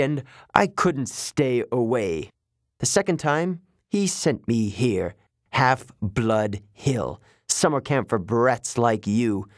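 A man's voice: medium pitch, no room sound, studio quality. A man voicing a petulant, bored male god of wine in an audiobook, drawling and scornful. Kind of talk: audiobook character voice.

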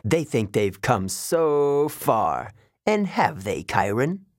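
A man's voice: mid-range voice, big pitch swings, slow pace, no room sound, clean studio sound. A man voicing a petulant, bored male god of wine in an audiobook, drawling and scornful. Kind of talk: audiobook character voice.

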